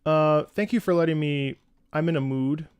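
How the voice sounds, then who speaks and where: A man's voice: fairly high pitch, moderate pace, a little mellow, smooth, dry recording, clean studio sound. A man chatting casually on a music livestream, earnest and rambling, often repeating words and restarting, with the odd swear. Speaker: streamer reacting to music.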